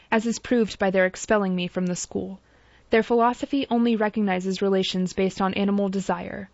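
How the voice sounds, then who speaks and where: A woman reading the part of a clever, proud young woman who speaks quickly and cuttingly in an audiobook. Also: medium pitch, no room sound, close to an everyday voice. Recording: dull dry lo-fi recording.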